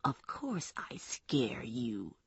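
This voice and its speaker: Menacing knife-wielding young man, taunting, low and slow, read by a woman narrator. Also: big pitch swings, husky, dry recording, dull audio, full character voice.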